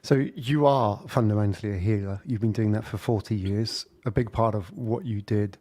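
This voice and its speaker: A man hosting a podcast, interviewing a guest and following up with quick questions. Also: lowish voice, steady tone, mellow. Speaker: podcast host.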